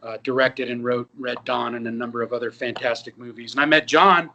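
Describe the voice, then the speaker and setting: A man's voice: mid-range voice, fairly quick, gravelly. Man in his fifties telling stories. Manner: lively anecdotes with quoted dialogue. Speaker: actor and musician, guest. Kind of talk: casual interview storytelling.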